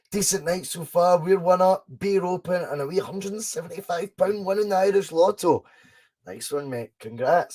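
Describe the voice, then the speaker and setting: A man's voice: a little high, slightly rough. Chatty Scottish man commentating live. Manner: chatty, excitable, reads and answers live chat, swears casually. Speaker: podcast host doing a live fan watchalong. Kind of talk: casual live match commentary and chat.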